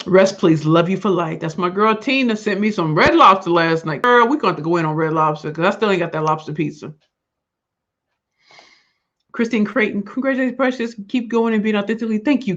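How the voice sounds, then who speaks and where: A man's voice: fairly high pitch, creaky. Emotional man signing off a livestream. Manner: heartfelt, thanking viewers, reading comments aloud. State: in pain from a swollen face. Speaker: livestream show host. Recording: dull lo-fi livestream audio.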